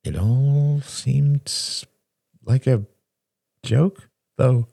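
A man voicing a weary, glib young man who speaks softly. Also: lowish voice, animated, measured pace, creaky, no echo, clean studio sound, pitched above the performer's own voice, exaggerated voice. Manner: soft, deflecting.

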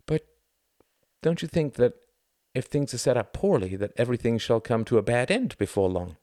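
A man voicing a calm, gentle older husband with an unhurried, mildly weary manner in a storybook reading. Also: medium pitch, no room sound, clean studio sound, pitched above the performer's own voice, close to an everyday voice. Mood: musing.

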